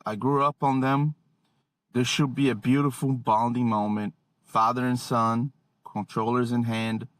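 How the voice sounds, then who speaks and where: A man's voice: medium pitch, no room sound. A wry, self-deprecating man in his late thirties to forties hosting a podcast and telling comedic stories about being a dad. He takes his time, letting each exasperated beat land. The sound is dry and close, with no room around it. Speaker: podcast host. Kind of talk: comedic storytelling monologue.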